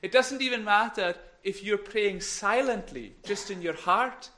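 A man's voice: high-pitched, measured pace, pushed and bright, slight background noise. A middle-aged man gives a playful, encouraging children's talk in church on a microphone, sometimes dropping to a whisper. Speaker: minister giving a children's talk.

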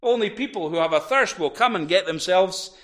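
A man delivers a sermon from the pulpit. His voice sits a little on the high side. He tells the story vividly and swells into loud, emphatic peaks. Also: expressive, fairly quick. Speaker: preacher.

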